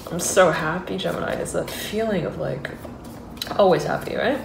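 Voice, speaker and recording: A woman's voice: lowish voice, sing-song, extremely slow, vocal fry, long pauses, echoey room, background noise. A woman giving an intuitive tarot reading. She rambles and hesitates, restarts her sentences and fills them with fillers, and she laughs often and gets giddy. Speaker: tarot reader.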